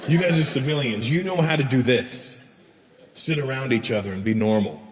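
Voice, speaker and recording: At a big live venue full of laughter, a comedian acts out both parts of the dialogue in a crude story. He speaks at a moderate pace in a mid-range voice, and the recording carries the echo of a roomy hall plus faint ambience.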